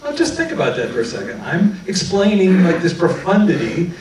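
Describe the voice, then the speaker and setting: A man's voice: sits high, fairly quick, slight background noise. A man giving a talk to an audience about his own experiences, telling stories and acting out what people said. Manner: animated storytelling, acting out quoted dialogue. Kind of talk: public talk with personal anecdotes. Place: meeting hall before an audience. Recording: echoey hall, voice from far off.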